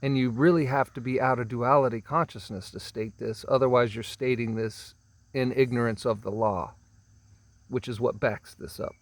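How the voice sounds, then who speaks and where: A man giving a spiritual teaching talk, speaking slowly and emphatically, drawing out and repeating words and often clearing his throat. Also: mid-range voice, steady tone, no room sound. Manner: slow, emphatic, drawn-out phrasing with repeated words.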